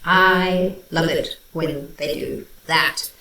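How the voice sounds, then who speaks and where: A woman with a fairly low speaking voice talks casually about a song, breaking into sung rhythms to make her point. Her home microphone picks up a roomy echo. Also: fairly even intonation, drawn-out words, sharp tone. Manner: chatty, breaks into scat-singing rhythms. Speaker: classical singer reacting to music. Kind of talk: casual music analysis.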